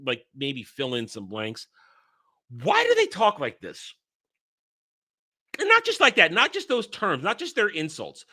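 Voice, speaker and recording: A host in his thirties or forties delivers a casual commentary rant straight to his audience, exasperated and mocking, tripping over his words as he restarts. His voice sits a little high and sounds sharp and tense.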